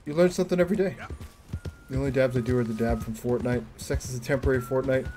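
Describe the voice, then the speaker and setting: A young man streaming a game, joking crudely and breaking into loud whoops and yelps. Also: medium pitch, fast talker. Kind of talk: casual livestream chat while playing.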